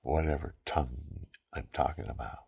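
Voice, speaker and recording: A man's voice: rumbling low, normal speed, vocal fry, a little mellow, slightly rough. A man in his seventies, a veteran, talking in a rambling, digressive way with chuckles at his own asides. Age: 70s. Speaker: veteran speaking his mind. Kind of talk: rambling casual monologue.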